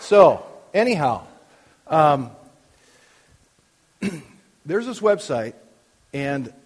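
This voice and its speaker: Older guy pastor talking to his church, kinda high voice, lots of echo. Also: breathy edge. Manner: conversational, asks the congregation many questions. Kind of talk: sermon.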